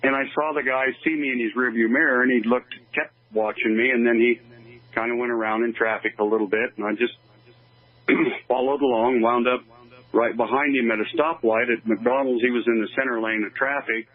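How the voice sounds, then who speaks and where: An older man gives his testimony over a tinny phone line. He talks earnestly and haltingly, restarting his sentences as he goes, at an ordinary middle pitch. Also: fairly even intonation. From Oregon, USA. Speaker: guest. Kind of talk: personal testimony in an interview.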